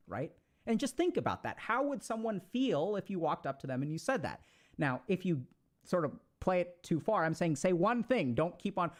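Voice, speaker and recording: A man giving casual motivational advice in an animated, coaching way with slangy asides. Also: on the high side, fast talker. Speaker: self-help speaker.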